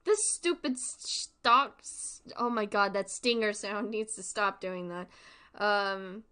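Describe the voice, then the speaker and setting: Reading creepypastas slowly, a young woman speaks at medium pitch with a pushed, bright, clear and resonant tone. Her reactions are comic, heavily profane, and punctuated by fits of laughter.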